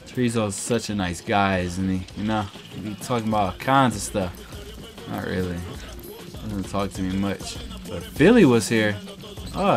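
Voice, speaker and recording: A young man giving let's-play commentary over a shooter game, excitable and slangy, talking to the game's characters and yelping loudly when he gets into fights. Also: lowish voice. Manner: slangy, joking asides. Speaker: gaming streamer. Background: game music and gunfire.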